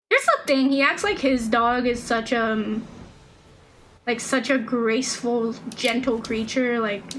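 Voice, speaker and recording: A young woman chats loosely as she streams a game, talking in a high voice and circling back with lots of fillers. There is faint background noise under her desk mic. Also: fairly bright tone, rough recording. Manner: chatty, rambling, lots of "like" and restarts. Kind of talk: casual gameplay stream chat.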